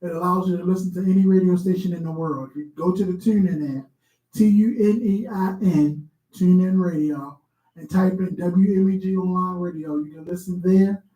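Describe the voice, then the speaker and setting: A woman co-hosting a casual radio talk show, who tells stories in an animated way and laughs along. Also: fairly low pitch, normal speed. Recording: echoey room.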